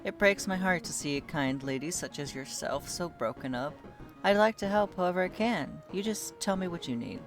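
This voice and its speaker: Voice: medium pitch, animated, normal speed, music in the background, close to an everyday voice. A streamer reading a humble farmer man. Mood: sympathetic. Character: kind humble male farmer, polite. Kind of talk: reading game dialogue aloud.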